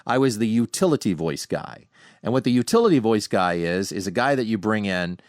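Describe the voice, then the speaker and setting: A middle-aged man hosting a podcast, casually telling animated anecdotes from home with frequent restarts. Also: fairly low pitch, a little fast, no room sound, studio quality. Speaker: podcast host. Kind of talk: casual storytelling monologue. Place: home, sitting on a couch.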